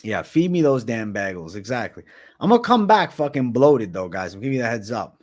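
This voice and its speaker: With a mid-range, very animated voice that's brisk and a little mellow, a young man from Massachusetts runs his livestream, reading viewer comments aloud amid loose talk and constant swearing.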